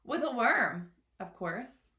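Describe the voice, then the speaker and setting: A woman reading the lines of a young boy who speaks firmly and calmly, in an echoey room. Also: on the high side, slow pace, pitched above the performer's own voice, heavily acted. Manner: firm, calm, explaining. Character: brave determined young boy.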